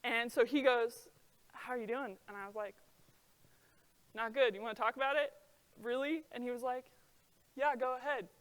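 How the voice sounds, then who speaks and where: A woman's voice: a little high, normal speed, pauses often. Chatty young woman giving an earnest talk. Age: young adult. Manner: earnest, chatty, many "like" fillers, lively storytelling. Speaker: presenter. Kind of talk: motivational talk to a young audience.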